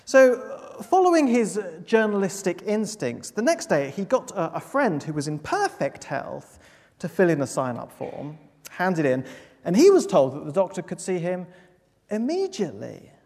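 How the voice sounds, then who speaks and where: A preacher delivering an earnest, emphatic sermon, pausing to stress key words. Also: mid-range voice, huge pitch swings, darkish tone. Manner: earnest, emphatic, with pauses for weight. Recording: long hall reverb.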